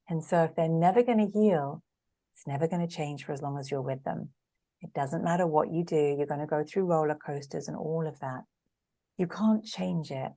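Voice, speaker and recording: A woman with a slightly low voice speaks as a coach in a relaxed podcast conversation. She is earnest and emphatic and hammers her points home by repeating words. Her delivery stays conversational and direct. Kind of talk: casual podcast interview.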